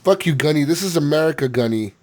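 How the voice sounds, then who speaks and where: A man's voice: fairly high pitch, expressive, quick pace, a little mellow. A man hosting a gaming podcast in casual chat, rambling with lots of filler words, swearing freely and laughing often. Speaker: podcast host.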